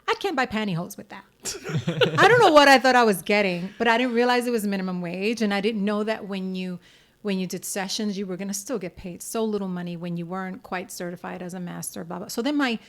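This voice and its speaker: American woman guest on a podcast, mid-pitch voice, chatty and blunt, does little voices for people she quotes. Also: brisk. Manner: animated, candid, acts out quoted voices. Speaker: guest, singer-songwriter and actress. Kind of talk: casual interview storytelling.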